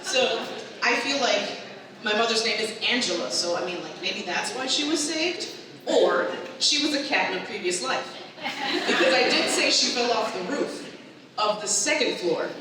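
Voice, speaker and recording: A woman performing an animated stand-up routine, acting out her family as she tells the story. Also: on the high side. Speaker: stand-up comedian. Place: live comedy show with a crowd. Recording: echoey hall from far off.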